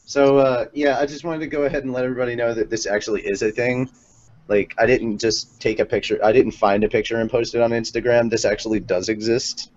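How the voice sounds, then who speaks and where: A man's voice: mid-range voice, flat delivery, fast talker, a little mellow, dull audio. A man hosting a casual podcast, laid-back, reading out listener questions. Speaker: podcast host.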